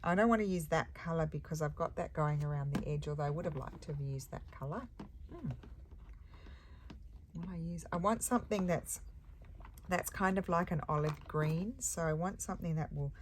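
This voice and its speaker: Low-pitched woman crafter, casual stitching chat, meandering and musing. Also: normal speed, long pauses, slight background noise. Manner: rambling, chatty, thinks aloud with hums and ums. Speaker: embroidery crafter and shop owner.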